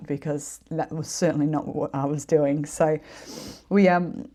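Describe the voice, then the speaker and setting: A woman's voice: low-pitched, steady tone, moderate pace, dark tone. A middle-aged woman hosting a podcast, telling a story in a chatty, rambling way with many fillers and giggles. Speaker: podcast host. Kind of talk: casual storytelling monologue.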